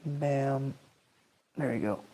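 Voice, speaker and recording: A man's voice: mid-range voice, slow. Easygoing male streamer chatting while drawing. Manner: relaxed, rambling, answers chat while drawing. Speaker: streamer and artist. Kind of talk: casual livestream chat.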